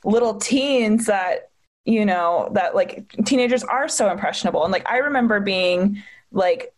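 A young woman co-hosting a podcast, telling animated stories loaded with "like" and swearing. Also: medium pitch, normal speed. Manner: animated storytelling, lots of "like" and profanity. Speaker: podcast co-host, comedian. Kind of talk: casual podcast chat.

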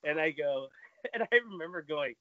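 A man telling dating stories in a casual chat, laughing often and acting out quotes in a higher voice. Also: animated, normal speed, dry recording. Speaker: podcast guest. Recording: dull lo-fi sound.

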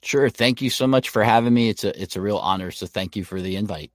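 A man's voice: fairly low pitch, fast. A man, a voiceover coach, giving instructive advice as a guest in a podcast interview.

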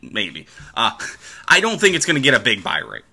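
A man's voice: medium pitch, huge pitch swings, normal speed, vocal fry, pushed and bright, husky. A man hosting a podcast, talking through fights in casual sports commentary, rambling with restarts and the odd swear. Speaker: podcast host.

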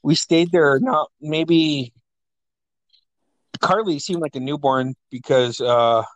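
A middle-aged man chats with his mother on a podcast, telling childhood stories in a casual, swearing way. He laughs a lot and acts out the voices of the people in his tales. His voice sits a bit high, and the recording is dry and close. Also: takes it slowly, no room sound. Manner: laughing often, swearing, acting out quoted voices. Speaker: podcast host. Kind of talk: casual family storytelling.

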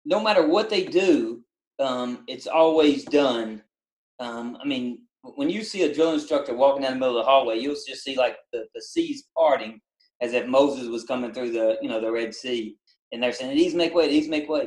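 A middle-aged man with a Southern country accent talks through a casual interview, stopping and restarting his words often. His voice sits at an ordinary middle pitch. The room gives it a noticeably echoey, roomy sound. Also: darkish tone. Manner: halting, repeats words, many fillers. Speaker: basketball coach and former Army drill instructor.

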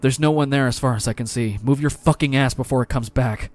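A man voicing a calm adult male radio operator in a horror story, giving terse, urgent orders to a soldier. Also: medium pitch, brisk, lightly acted.

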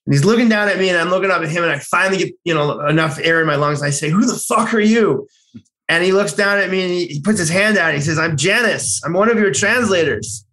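American man, veteran, bright forceful voice, animated storyteller who swears and restarts a lot. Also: mid-range voice, low-quality recording. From United States. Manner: animated, excited storytelling with many restarts and fillers; blunt, swears casually. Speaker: military veteran. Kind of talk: personal war story told conversationally.

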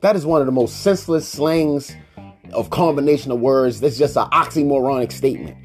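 A man's voice: mid-range voice, brisk, faint music behind. A man from Baltimore, Maryland hosting a solo podcast. He tells stories animatedly, acts out the people he quotes, and rants with mock indignation. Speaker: podcast host.

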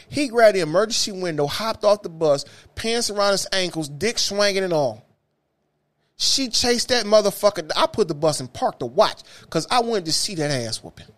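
A man with a Detroit accent, a former bus driver hosting a podcast, telling wild stories in a loud, profane, animated way that drops to mutters. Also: high-pitched, moderate pace. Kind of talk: casual storytelling chat.

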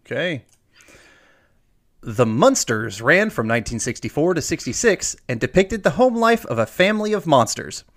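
Animated man hosting a quiz. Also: on the high side. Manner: lively, drawn-out emphasis on answers. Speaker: quiz host. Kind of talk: reading trivia questions.

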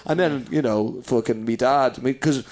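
A man's voice: medium pitch, normal speed, a little mellow. A man in his forties, a comedian, telling crude childhood stories in casual chat, swearing freely, laughing and mimicking his parents. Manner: swearing, laughing storyteller who mimics people.

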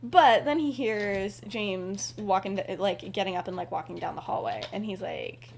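A woman's voice: expressive, normal speed, vocal fry, a little hiss or hum. A woman casually retelling a fan story on a podcast, rambling with lots of "like" and "um" fillers. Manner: drops into soft, low asides.

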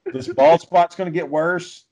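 A man's voice: fairly high pitch, a little slow, a little mellow. A man in his thirties chatting casually and telling rambling, profane stories. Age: 30s. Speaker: podcast co-host. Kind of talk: casual chat. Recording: dull lo-fi audio.

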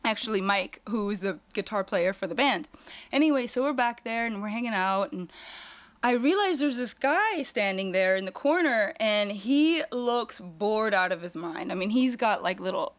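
A young woman telling a lively personal story as a guest, often laughing and acting out what people said. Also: mid-range voice, moderate pace. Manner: animated, laughing, acts out quoted voices. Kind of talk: casual storytelling.

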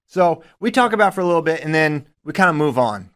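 A man with a lively, animated voice that swoops around as he talks, co-hosting a casual podcast. He tells stories with energy and acts out the voices of the people in them. His pitch sits a bit higher than most men's. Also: fast talker. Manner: animated storytelling, acts out quotes. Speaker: podcast co-host and wrestling coach. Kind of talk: casual chat.

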